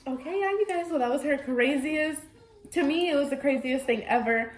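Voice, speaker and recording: A young woman chatting casually as co-host of a sisters' vlog, talkative and quick to laugh. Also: high voice, roomy sound. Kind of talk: casual chat.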